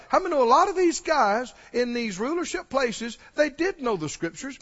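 A man's voice: extremely high pitch, very animated, moderate pace, few pauses, a bit bright. A man preaching a sermon, urgently pressing his congregation with questions. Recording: dull recording, long hall reverb.

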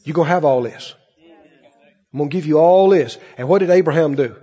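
A man's voice: a little high, fairly quick, dark tone, slightly rough, long reverb tail, muffled recording. A male pastor preaching a sermon in a church, acting out the voices of Bible figures as he goes.

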